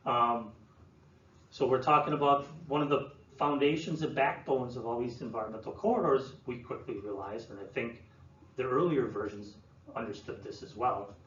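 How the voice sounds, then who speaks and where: A man presenting to an audience, explaining in a relaxed way with many fillers and restarts. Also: medium pitch, moderate pace. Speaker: land use planner presenting. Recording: roomy, distant, dull sound with faint room noise.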